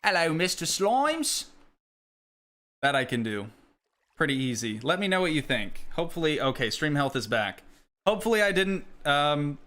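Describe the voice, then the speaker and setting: Man, live streamer, chatty and rambling, bright forceful tone, casual gameplay talk. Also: on the high side. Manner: chatty, rambling, answers chat questions.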